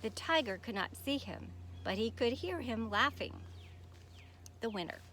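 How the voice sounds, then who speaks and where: A woman teacher reads a picture book aloud to children, her voice a little high and full of expression. A faint hiss sits under the recording. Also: measured pace. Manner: expressive, animated storytelling.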